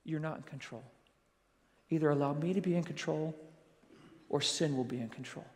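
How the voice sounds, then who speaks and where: A man giving a school chapel sermon in an animated way, acting out quoted voices and calling his listeners "you guys". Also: fairly high pitch, normal speed, breathy edge. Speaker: chapel speaker. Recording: long hall reverb.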